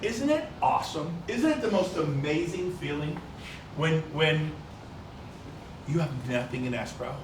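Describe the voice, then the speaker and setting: Guy on stage pitching to a crowd, pretty high voice, fires questions at the room, sounds far off in a big echoey hall. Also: background noise. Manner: energetic, quizzes the crowd with quick questions. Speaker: seminar presenter. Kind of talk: live business presentation to an audience. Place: large event hall.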